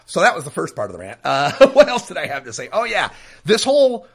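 A man's voice: on the high side, huge pitch swings, a little fast, slightly rough. A man hosting a political podcast, ranting in an exasperated, pleading way with some swearing. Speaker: podcast host. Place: home studio with mic software.

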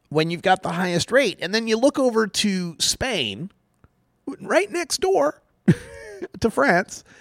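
A man hosting a talk radio show, delivering news commentary in an animated, sarcastic way and laughing at his own jokes. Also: a little high, dry recording, clean studio sound.

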